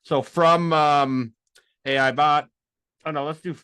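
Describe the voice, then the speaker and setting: A man teaching a live software tutorial, excitable and rambling as he thinks aloud. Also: on the high side, takes it slowly, clean tone, dry recording. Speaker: instructor.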